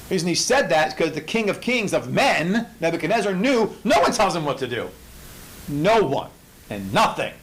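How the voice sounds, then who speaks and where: A man leading an informal Bible study, emphatic and full of rhetorical questions, swinging from low murmurs to loud bursts. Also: sing-song, brisk, rough recording.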